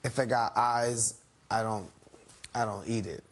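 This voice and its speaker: A man's voice: lowish voice, fairly even intonation, unhurried. A man, a musician guest, joking loosely on a talk show. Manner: laid-back, loose, joking. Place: TV studio.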